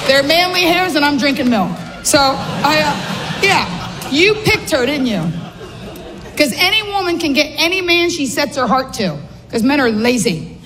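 Teasing high-voiced woman comic. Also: animated, moderate pace. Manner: teasing crowd work. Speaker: stand-up comedian. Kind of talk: stand-up comedy, addressing the audience. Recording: reverberant live hall with noise.

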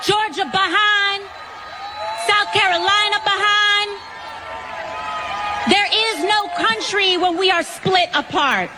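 A woman giving a fiery rally speech with a preacher-like cadence, shouting out her lines. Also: very high-pitched, slow, long pauses, very noisy. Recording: live rally with loud crowd and music.

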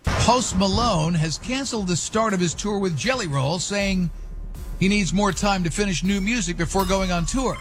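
A man's voice: high voice, normal speed, soft background music. A man hosting a radio show, reading entertainment news with sarcastic asides.

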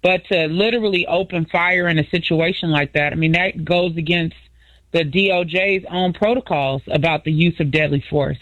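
A man speaking as a guest in a news discussion, measured and critical, with frequent fillers. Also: fairly high pitch, fairly bright tone, dry recording, dull audio.

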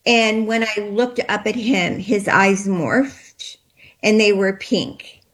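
A woman interview guest recounting a personal experience, shaken and trembling, talking haltingly with many restarts and fillers. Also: mid-range voice.

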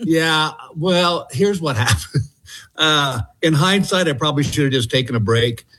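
A man in his sixties, from Texas, a comedian guest telling stories in a relaxed, chatty way, with filler pauses as he calls in. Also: fairly high pitch. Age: 60s. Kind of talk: casual interview chat, storytelling. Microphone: calling in by phone.

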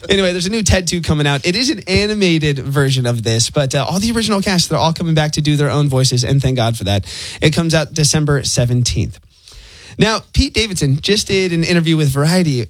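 A man hosting a radio show, reading entertainment news in quick, chatty banter. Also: a little high, no echo. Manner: quick, chatty, laughing easily. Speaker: radio host.

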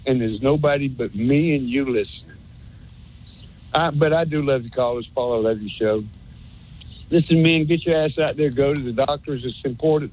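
A man's voice: fairly high pitch, slightly rough, phone-quality sound. A man calling in to a sports talk show, rambling in a folksy, sarcastic way and stumbling over repeated words. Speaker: caller. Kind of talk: rambling call-in rant.

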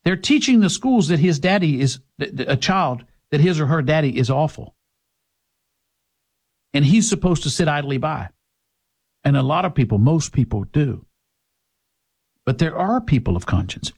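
A man's voice: on the high side, very animated, moderate pace, gravelly, pauses often, slightly rough. Guy doing a fired-up talk radio rant, sarcastic, punchy. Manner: emphatic, sarcastic, shifting loud and soft. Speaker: radio talk show host. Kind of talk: opinionated talk radio monologue.

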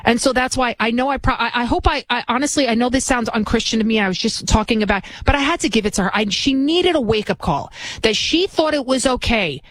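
A woman's voice: on the high side, animated, fast talker, no echo. A woman in her forties, a talk radio host, delivering an indignant, ranting monologue into a studio microphone. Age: 40s.

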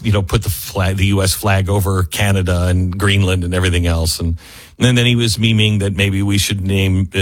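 A man delivers casual political commentary, drifting into sardonic asides as he goes. His voice has a husky, slightly breathy grain. The sound is dry and close, with no room around it. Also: on the low side, dry recording.

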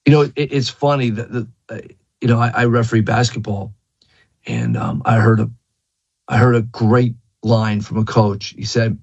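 A man's voice: mid-range voice, fairly even intonation, normal speed, creaky, a little mellow, breathy edge. A man giving a casual golf lesson, rambling and repeating himself with many fillers. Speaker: golf instructor. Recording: dull lo-fi recording.

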